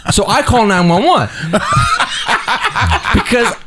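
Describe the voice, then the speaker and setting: A man's voice: high-pitched, huge pitch swings, slow pace, heavy background noise. A young man on a podcast telling a long story in a rambling, casual way, full of fillers and restarts.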